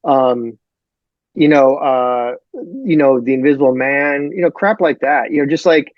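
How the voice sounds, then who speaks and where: A man from Detroit, a novelist guest on a podcast, talking in a rambling, animated way full of fillers. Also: medium pitch, a little slow, no room sound, dull audio. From Detroit, USA. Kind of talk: casual podcast chat.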